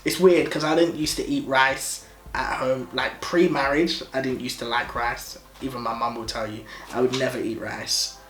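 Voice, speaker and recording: A young man co-hosting a casual couple vlog, explaining things in a relaxed way and laughing easily. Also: medium pitch, moderate pace. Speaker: vlog co-host. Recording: echoey room.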